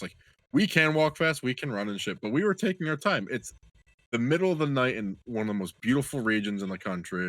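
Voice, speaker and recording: A young man co-hosting a podcast, telling a long crude anecdote in an animated, joking way. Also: on the low side, dry recording. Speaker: podcast co-host. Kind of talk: casual storytelling chat.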